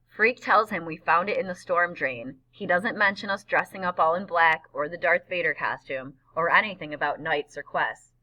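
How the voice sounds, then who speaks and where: Bright-voiced woman reading a story. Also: on the low side, normal speed, hardly any pauses, lo-fi sound. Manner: plain storytelling in a boy's first-person voice. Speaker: audiobook narrator. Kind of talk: scripted narration.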